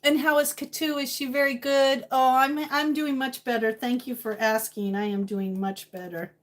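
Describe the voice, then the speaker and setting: A woman's voice: high voice, fairly even intonation, normal speed. A woman cooking at home, chatting casually with her viewers and thinking aloud, humming to herself between remarks. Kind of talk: casual chat while cooking, reading viewer comments.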